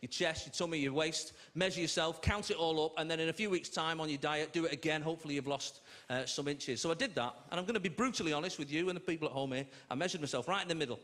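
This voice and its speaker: A man's voice: a little high, quick pace, hardly any pauses. A man doing a chatty, self-mocking stand-up comedy routine on a large theatre stage, acting out voices. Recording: echoey theatre, loud audience.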